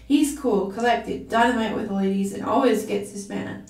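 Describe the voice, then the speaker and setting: A woman's voice: mid-range voice, moderate pace, a little mellow, close to an everyday voice. Woman doing a flustered young detective guy, roomy room. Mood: earnest. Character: excitable young man, comic-book-loving sleuth. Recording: roomy, from a distance.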